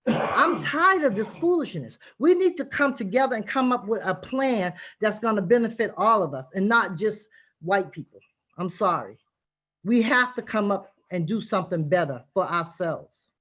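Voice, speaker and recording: A woman's voice: medium pitch, lively intonation, normal speed, a bit bright. A middle-aged woman, a community activist giving impassioned, emphatic testimony at a city hearing over a video call. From Boston, Massachusetts.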